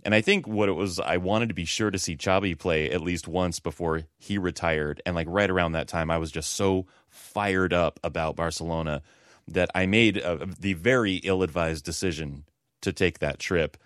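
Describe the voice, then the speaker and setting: A man hosting a casual sports podcast, telling a relaxed, reflective story. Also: deep voice, normal speed, dry recording, clean studio sound. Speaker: podcast host. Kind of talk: casual chat.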